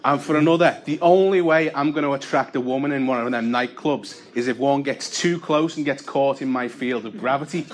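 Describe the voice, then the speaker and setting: A young man doing a stand-up comedy set, deadpan, breaking into loud character voices. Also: mid-range voice, a little fast, hardly any pauses. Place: comedy club with audience laughter. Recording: live gig with audible noise.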